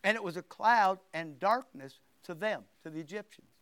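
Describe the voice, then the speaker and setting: A man preaching a sermon and reading scripture aloud, emphatic, swinging between loud outbursts and hushed asides. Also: high-pitched, moderate pace, no room sound.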